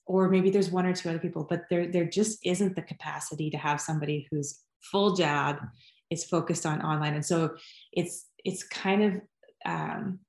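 A woman, interviewing a guest in a rambling, searching way with lots of fillers. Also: fairly low pitch. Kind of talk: casual interview conversation. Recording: roomy echo.

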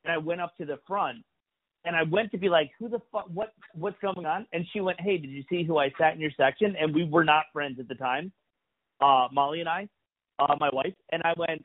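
Swearing freely, a New York comedian guest spins a long, casual story and acts out the lines of the people he quotes. He speaks a little high at a quick pace over lo-fi, phone-like audio.

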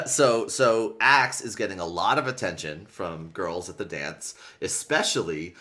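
Chatty male host, low-ish voice, conversational story recap with frequent chuckles. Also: measured pace, pushed and bright. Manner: chatty, laughs often, many filler likes. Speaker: podcast host recapping a book series. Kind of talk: casual chat, retelling a story.

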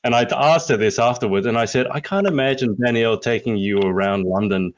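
A man hosting a casual podcast, relaxed and storytelling with many fillers. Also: medium pitch, fairly quick. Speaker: podcast host.

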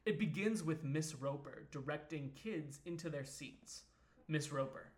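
A man's voice: fairly high pitch, a little slow. Wry, teasing young man. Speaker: podcast co-host reading stage directions. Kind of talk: casual comedic chat. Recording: echoey room.

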